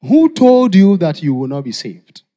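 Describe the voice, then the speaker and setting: A man with a Nigerian accent preaching a sermon to a congregation, calling for responses and shouting. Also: high voice, huge pitch swings, measured pace. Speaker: pastor. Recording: long hall reverb.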